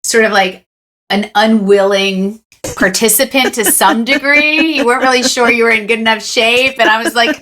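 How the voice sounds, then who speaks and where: A woman podcast host with a bright, forward voice. She is chatty and encouraging, and she works out her questions aloud. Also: mid-range voice, normal speed, a little hiss or hum. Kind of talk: conversational interview.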